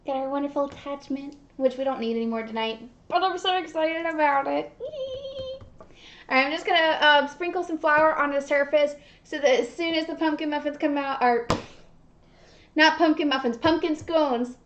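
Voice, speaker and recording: A bubbly young woman chats her way through a live baking demonstration, her voice high and bright. The sound is dull and lo-fi, like stream audio from a home kitchen. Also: moderate pace. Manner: chatty and bubbly, talks to viewers. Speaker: baking show host.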